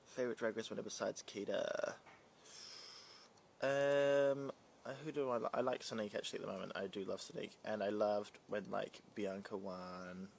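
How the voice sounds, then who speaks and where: During a laid-back livestream Q&A, a young Kiwi drag performer answers viewer comments in a playful, scattered, chatty way, his accent carrying a light British twang. He speaks lowish and level at a moderate pace, gravelly and a little mellow, over a faint hiss or hum.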